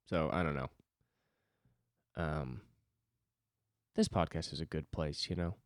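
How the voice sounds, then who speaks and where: A man's voice: very deep voice, slow, clear, resonant tone, dry recording, clean studio sound. A man, a stand-up comic and podcast host, rambling alone at a desk in a loose, self-deprecating way and swearing freely. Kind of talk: solo rambling podcast monologue.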